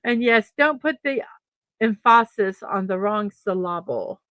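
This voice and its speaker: A woman's voice: medium pitch, expressive, measured pace, fairly bright tone, dry recording. A middle-aged woman hosting a daily morning show in a casual chat, reading birthdays and memes, laughing often and stumbling over names.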